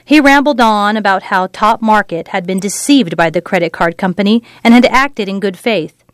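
Lady reading a novel aloud, even and measured, mid voice, dry recording. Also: mid-range voice, no echo. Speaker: audiobook narrator. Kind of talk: scripted narration.

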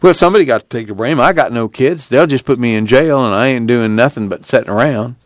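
A man's voice: medium pitch, quick pace, no room sound, pitched above the performer's own voice, close to an everyday voice. A man voicing a defiant rural ex-preacher, raised and firm. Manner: folksy rural drawl, firm and plain-spoken. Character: wiry rebellious ex-preacher man, calm and defiant.

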